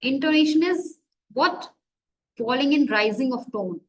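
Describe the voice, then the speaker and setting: A woman's voice: high voice, expressive, unhurried, rough recording. A woman college lecturer with an Indian English accent, teaching grammar and asking and answering her own questions.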